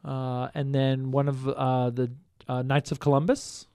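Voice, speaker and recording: A man's voice: medium pitch, level tone, a little slow, warm tone, clear, resonant tone. A male priest with a mid-range voice explains church rituals in an eager, conversational way. The sound is dry and close, with no echo. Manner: enthusiastic explainer. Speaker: pastor.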